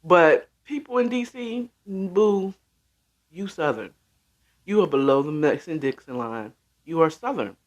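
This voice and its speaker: A man's voice: on the high side, animated, a little slow. A middle-aged man from the Washington, D.C. area hosting a casual livestream chat, rambling and talking straight to his viewers with plenty of ums. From Washington, D.C. area (born in D.C., raised in Maryland). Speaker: host.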